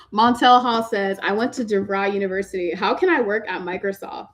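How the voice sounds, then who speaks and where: A woman's voice: mid-range voice, a bit bright. A woman from Massachusetts hosting a casual livestream, chatting with viewers in a slangy way, full of "like" fillers and playful teasing. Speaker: livestream host answering chat questions. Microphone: computer mic on a video stream.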